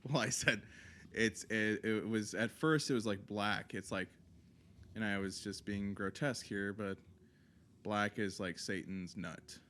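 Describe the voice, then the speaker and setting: A man co-hosting a podcast, talking in a relaxed, rambling way with fillers. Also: on the low side, measured pace, a little hiss or hum. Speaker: podcast co-host. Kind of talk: casual chat.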